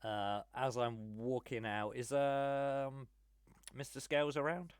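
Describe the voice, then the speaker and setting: A man's voice: medium pitch, level tone, slow pace, clean tone, dry recording, clean studio sound. A man, playing a tabletop game casually and speaking for his character in a chatty way with frequent fillers. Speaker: player.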